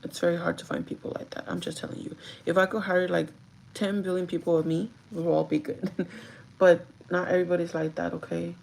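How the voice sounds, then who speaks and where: A woman's voice: lowish voice, flat delivery, fairly quick, gravelly, darkish tone, a little hiss or hum, poor audio. A woman chatting casually to her live viewers while doing her makeup, talking straight to them and laughing often. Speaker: livestreaming vlogger and store manager.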